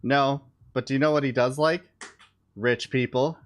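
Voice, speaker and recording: A man's voice: mid-range voice, fairly even intonation, normal speed. A man who streams live, giving casual political commentary in a blunt, sarcastic way and swearing offhandedly.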